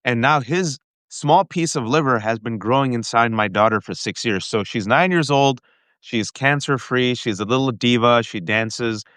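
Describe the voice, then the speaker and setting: A man earnestly recounting a family ordeal in an interview, halting often and restarting his sentences. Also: mid-range voice, fairly bright tone, no echo, clean studio sound. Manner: earnest, halting, with restarts and frequent direct address. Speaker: guest. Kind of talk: emotional personal storytelling in an interview.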